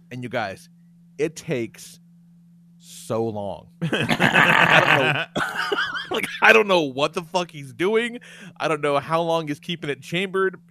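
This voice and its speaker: A middle-aged man hosting a podcast, telling stories in a profane, animated way. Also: fairly high pitch, a little hiss or hum. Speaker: podcast host. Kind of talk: casual podcast chat.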